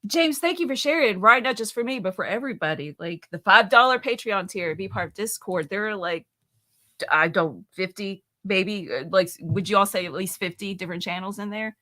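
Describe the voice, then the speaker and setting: Bright, bubbly woman with a country accent. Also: mid-range voice, animated, brisk. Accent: Southern US country. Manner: bubbly, laughs often, rambling. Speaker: co-host, English teacher. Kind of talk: casual live chat.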